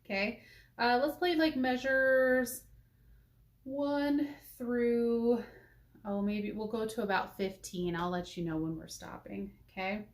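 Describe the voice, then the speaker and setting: A woman teaching a saxophone part, thinking aloud and counting rhythms out loud. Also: on the high side, steady tone, takes it slowly. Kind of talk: music lesson walkthrough.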